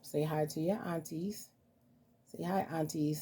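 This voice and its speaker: A woman's voice: low-pitched, steady tone, measured pace, mellow, husky. A woman vlogger chatting casually and cooing to her dolls as she shows them off. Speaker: vlogger showing reborn dolls. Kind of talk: casual vlog chat.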